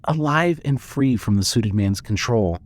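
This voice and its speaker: A man narrating a fan audio drama with steady storytelling. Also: medium pitch, a little slow.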